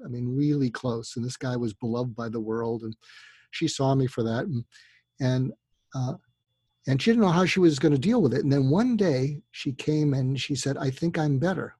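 A man's voice: mid-range voice, moderate pace, warm tone, breathy edge, no room sound. A man speaking as a therapist guest in a casual podcast conversation, acting out sample dialogues in a livelier voice. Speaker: psychotherapist guest. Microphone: remote call microphone.

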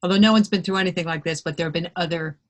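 A woman's voice: fairly low pitch, fairly even intonation, racing. Chatty woman hosting a podcast. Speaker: podcast host. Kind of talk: casual podcast interview.

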